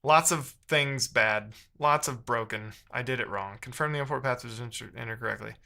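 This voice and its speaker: A man's voice: medium pitch, normal speed, gravelly, sharp tone. A man live-streaming while he codes, talking casually and reading the chat aloud in a frustrated, muttering way.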